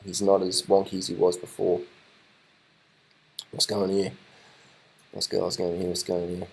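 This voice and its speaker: A man giving casual, excited commentary over race footage, repeating his phrases and swearing now and then. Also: deep voice, moderate pace, creaky, husky.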